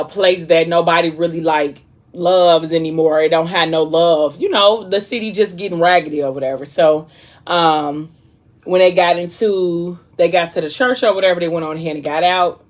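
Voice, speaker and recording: A young woman vlogger casually retelling a book in a chatty, slangy way while she eats. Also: low voice. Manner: chatty, slangy storytelling, eating between lines. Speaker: vlog host.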